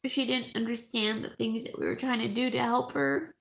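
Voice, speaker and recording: A woman live-streaming to her viewers, crying and talking haltingly with a sore throat, often repeating herself. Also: fairly high pitch, fairly even intonation, vocal fry, a bit bright. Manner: tearful, halting, repeats words.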